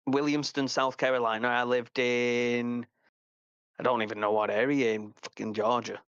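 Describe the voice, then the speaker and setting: A man's voice: medium pitch, flat delivery, normal speed, a bit bright, clean tone, no room sound. A rambling man with a Liverpool accent, chatting loosely and laughing through his stories. His voice comes through dull and lo-fi, dry with no room around it. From England. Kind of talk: casual chat.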